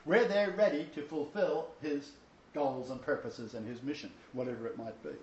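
A man's voice: fairly high pitch, fairly even intonation, normal speed, muffled recording, slight background noise. Emphatic joking preacher man, roomy sound. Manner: emphatic, joking asides with chuckles. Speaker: Bible teacher. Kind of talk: informal sermon lecture. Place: room with a small seated audience.

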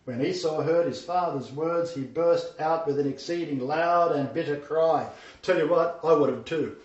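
A man's voice: on the high side, moderate pace, a little mellow. A man giving a Bible lecture who reads scripture aloud and breaks off to make emphatic comments. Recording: echoey, distant, dull-sounding room.

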